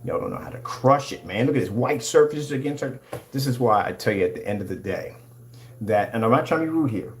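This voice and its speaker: A man's voice: medium pitch, animated, brisk, slight background noise. A man who owns a screen paint company, hyped up and combative as he talks over his own product demonstration footage. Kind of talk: excited product demonstration rant.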